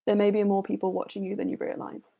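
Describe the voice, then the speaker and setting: A woman running a tabletop game, voicing a character who gives measured, cautionary advice in her own gravelly voice. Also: mid-range voice, monotone, dark tone. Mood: earnest. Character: earnest character giving grave counsel.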